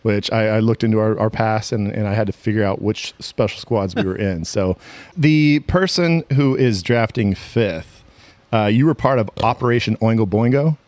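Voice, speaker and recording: A man's voice: fairly low pitch, moderate pace, darkish tone, no echo. A man hosting a casual podcast, joking with his co-hosts as he runs the show. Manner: jokey, runs the show with restarts. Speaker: podcast host.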